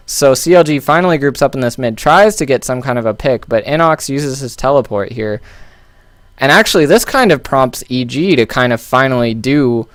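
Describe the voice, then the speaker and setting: A man walks through a recorded match, talking loosely and often restarting his sentences. His voice is smooth and clear at a middle pitch. He sits close to the mic in a dry, dead room. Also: animated, moderate pace, no room sound. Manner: loose and thinking aloud, with many fillers and restarts. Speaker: game analyst. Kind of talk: casual game analysis commentary.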